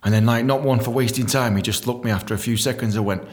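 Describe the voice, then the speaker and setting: A man telling a comic story from his own book, swearing a lot, laughing often and jumping into a squeaky high voice to act out his younger self. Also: steady tone, fast. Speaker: comedian reading his memoir. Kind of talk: casual storytelling with read-out chapter.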